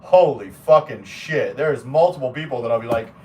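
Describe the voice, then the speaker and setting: A man's voice: mid-range voice, fairly quick, a little mellow, distant mic. Casual male streamer reading chat aloud, blunt and foul-mouthed, mic set back with a light hiss behind. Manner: blunt, profane and rambling. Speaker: expat live streamer.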